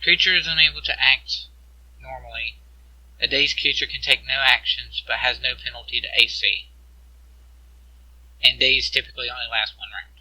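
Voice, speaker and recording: A man running a tabletop game as game master, narrating scenes and explaining rules in a halting way over voice chat. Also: mid-range voice, fairly even intonation, sharp tone, breathy edge, dry recording, poor audio.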